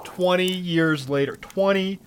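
Male podcast storyteller, slightly high voice, sarcastic, swears freely. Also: a little slow, slight background noise. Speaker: podcast co-host telling a story. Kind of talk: casual storytelling chat.

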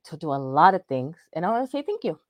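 Chatty excitable woman co-host. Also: deep voice, fast, no echo. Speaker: podcast co-host. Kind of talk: casual chat.

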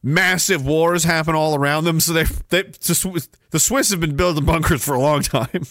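A fairly high-voiced man rants through a livestream, heavy on sarcasm and swearing. He sinks into low mutters, then bursts out loud. The sound is dry and close, with no room echo. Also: moderate pace. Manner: sarcastic, profane, swings between mumbling and loud outbursts. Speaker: livestream host reading chat. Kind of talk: ranting livestream commentary.

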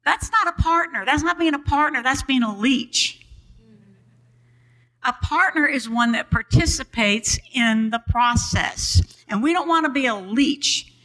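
Bright-voiced older woman preaching. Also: high voice, measured pace, rough recording. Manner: calls for congregation response. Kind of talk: sermon. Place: church. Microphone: boom mic.

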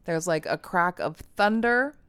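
A woman casually recapping a movie plot in animated detail, swearing freely and acting out the characters' lines. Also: on the low side, unhurried, clear, resonant tone, dry recording. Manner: animated storytelling, frequent swearing, acts out quotes. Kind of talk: casual chat.

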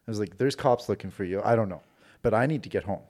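A man's voice: fairly low pitch, fast talker. A man from Canada telling a personal story on a podcast in a casual, profane way, acting out the dialogue. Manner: profane, animated, acts out quoted dialogue. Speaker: podcast guest recounting a personal experience.

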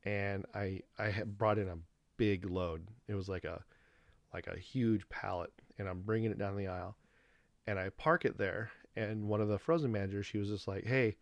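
A man hosting a podcast alone, telling a rambling story in a casual, animated way and acting out the dialogue. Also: lowish voice, normal speed, creaky, no room sound, muffled recording. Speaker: podcast host.

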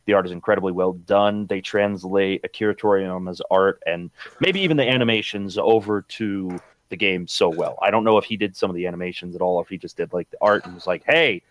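A man's voice: deep voice, a little fast, hardly any pauses. A man co-hosting a casual podcast about retro games, talking enthusiastically and rambling with fillers. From United States. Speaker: podcast co-host. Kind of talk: casual chat.

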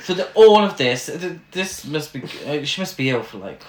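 A woman's voice: low-pitched, expressive, moderate pace. A woman co-hosting a casual podcast chat, laughing often and swearing freely. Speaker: podcast co-host. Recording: echoey room with background noise.

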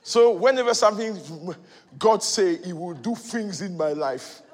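A male preacher giving a sermon, moving between loud shouted exhortation and quiet teaching. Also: high voice, lively intonation, unhurried. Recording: long hall reverb.

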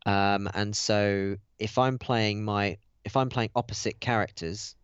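A man's voice: lowish voice, fairly even intonation, a little slow, smooth, no room sound, highs cut off. A man co-hosting a tabletop gaming podcast, chatting casually and hesitantly with plenty of ums and uhs. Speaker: podcast co-host and player. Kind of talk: casual chat about a tabletop game.

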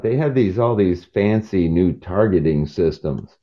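A man with a very deep voice that still swings up and down a lot, talks in a loose, rambling way, and hops from one story to the next. He acts out the people in his stories in quick bursts. He is recording from the cab of his truck while driving, and the sound is a little muffled and lo-fi. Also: lively intonation. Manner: jumps between topics and acts out quoted voices. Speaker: podcast host. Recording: dull lo-fi sound.

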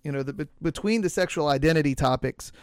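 Measured, slightly high-voiced podcast host man. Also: smooth, dry recording. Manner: measured, reads scripture aloud, halting restarts. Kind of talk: casual religious discussion.

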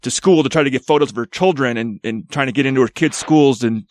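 A man co-hosts a casual podcast chat, blunt and animated, swearing freely. He talks quickly. The sound is dry and close. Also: medium pitch, no echo. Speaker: podcast co-host.

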